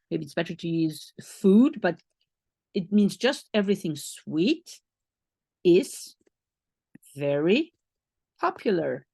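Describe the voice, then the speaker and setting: Slow, husky woman teacher. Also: medium pitch, a little mellow, dry recording, clean studio sound. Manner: patient, step-by-step explaining with frequent rephrasing. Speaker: language teacher. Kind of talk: explaining a French lesson to one learner.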